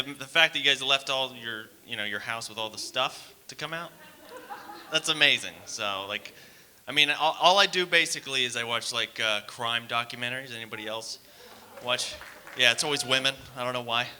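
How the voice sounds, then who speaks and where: A man's voice: medium pitch, bright, forceful tone. A man doing a rambling, self-deprecating stand-up set on a theater stage, full of fillers. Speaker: stand-up comic.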